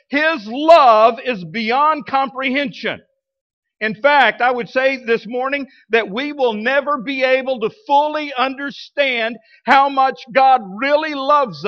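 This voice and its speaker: A man with a Southern American accent, a pastor preaching an animated sermon to his church. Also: very high voice, dull audio. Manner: animated, preaching with shifting loudness. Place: church sanctuary.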